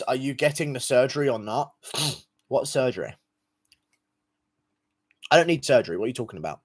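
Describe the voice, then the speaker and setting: A man's voice: a little high, darkish tone. A young man livestreaming, reading out donations in crude, profane, mocking banter. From England. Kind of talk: casual live-stream chat.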